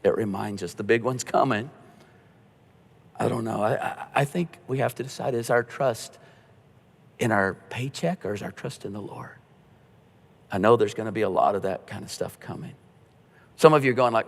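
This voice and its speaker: Middle-aged pastor in a reverberant hall. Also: male voice, fairly low pitch, moderate pace, vocal fry, pauses often. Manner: earnest, storytelling, drops to a hush at tender moments. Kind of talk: conversational sermon. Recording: long reverb of a church hall.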